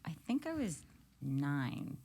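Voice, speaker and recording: Low-voiced woman, laughs easily. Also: big pitch swings, slow, dark tone, breathy edge. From New York, United States. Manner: laughs often, easygoing. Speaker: podcast sidekick. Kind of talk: casual chat.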